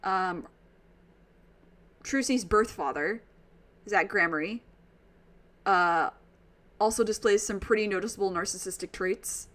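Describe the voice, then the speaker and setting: A woman's voice: medium pitch, unhurried, long pauses, fairly bright tone. A woman streaming a video game, chatting casually and emotionally about the story with many ums and asides. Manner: gushing, emotional fan with lots of ums. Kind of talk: casual game commentary and reading dialogue aloud.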